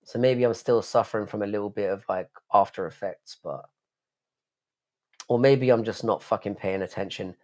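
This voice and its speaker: Speaking at normal speed in a low-ish, darkish voice, a male live-stream host from the United Kingdom rambles through casual late-night chat. He swears a lot and answers his chat out loud.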